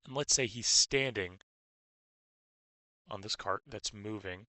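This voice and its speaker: Bright-voiced young man explaining physics. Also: fairly low pitch, slow, dry recording, poor audio. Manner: stop-start phrasing, uneven loudness. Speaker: physics tutor.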